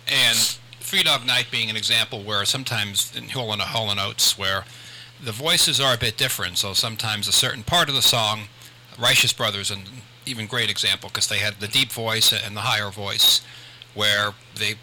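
A man's voice: on the low side, moderate pace, sharp tone, a little hiss or hum, poor audio. An older man hosting a radio talk show, chatting in a rambling way with many restarts. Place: radio studio.

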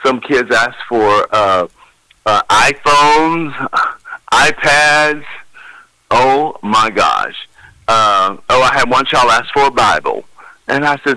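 Folksy older man, bright voice. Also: mid-range voice, expressive, slow, no room sound, low-quality recording. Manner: folksy storyteller, acts out children's voices. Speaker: professional Santa Claus. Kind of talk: interview answers, anecdotes.

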